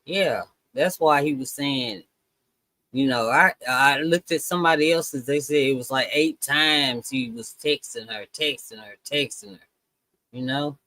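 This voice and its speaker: A woman's voice: rumbling low, unhurried, a bit bright, dry recording. A woman co-hosting a live stream, chatting casually and drawling "girl" and "y'all". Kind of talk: casual chat.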